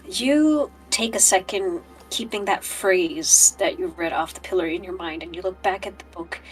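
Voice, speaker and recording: A woman narrating a tabletop game as game master, calm and descriptive, sometimes dropping into a whisper. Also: medium pitch, far from the mic, slight background noise, rough recording.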